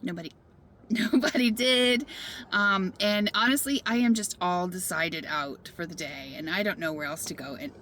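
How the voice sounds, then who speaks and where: A woman talking casually in a van life vlog, thinking out loud and laughing often as she decides where to go next. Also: fairly low pitch, normal speed, slight background noise. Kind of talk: casual solo vlog chat. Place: inside a parked van or car.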